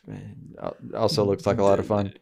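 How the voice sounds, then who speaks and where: A man co-hosting a podcast in casual chat, animated, swearing freely and slipping into quick mimicked voices. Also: fairly low pitch, creaky. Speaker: podcast co-host.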